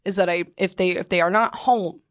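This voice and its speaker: A woman's voice: lowish voice, steady tone, brisk, no echo. Chatty young woman, dry sound. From Ohio, USA. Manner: chatty, rambling, laughs often. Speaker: podcast co-host. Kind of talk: casual chat.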